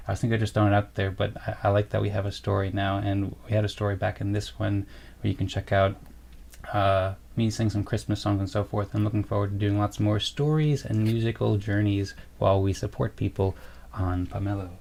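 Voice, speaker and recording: Young guy rambling on a livestream, low gravelly voice, pretty flat delivery, lots of ums and restarts. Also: fairly quick. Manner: rambling, with fillers and restarts, reading chat comments aloud. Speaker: co-host of a livestream. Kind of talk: casual livestream chat.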